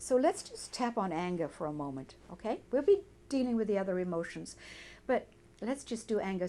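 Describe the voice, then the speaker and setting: Mellow-voiced woman guiding a tapping session. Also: medium pitch. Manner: gentle, instructive, repeats phrases for the listener to say along. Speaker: EFT tapping practitioner.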